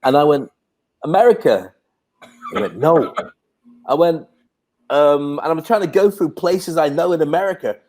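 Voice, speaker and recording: A man's voice: a little high, a little fast, darkish tone. A British man chatting casually as co-host, telling a story with self-deprecating humour. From Britain. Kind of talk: casual chat.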